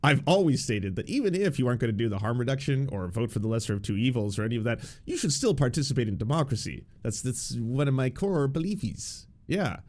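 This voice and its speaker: A man's voice: mid-range voice, big pitch swings, fast, few pauses, a little mellow. A man giving casual, sarcastic political commentary, often restarting his words.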